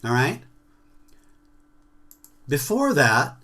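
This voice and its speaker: A man's voice: medium pitch, animated, unhurried, pauses often, fairly bright tone. A man leading an online jazz workshop, chanting rhythm syllables and checking in with students over a video call.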